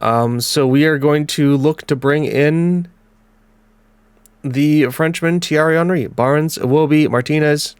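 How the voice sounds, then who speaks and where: A man with a blocked nose giving casual let's-play commentary on a football management game, calling the match in quick bursts. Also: fairly high pitch, steady tone, clean tone, no echo. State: congested. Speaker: gaming commentator.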